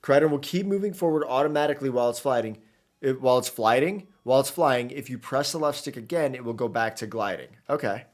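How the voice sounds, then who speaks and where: A gaming streamer with a fast, mid-range, darkish voice chats casually during let's-play commentary. He's rambling and jokey, and he often trips over his words.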